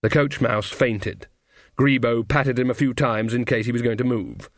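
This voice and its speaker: A man reading a novel aloud as an audiobook narrator, measured and wry. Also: medium pitch, steady tone, no room sound, clean studio sound. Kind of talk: scripted narration.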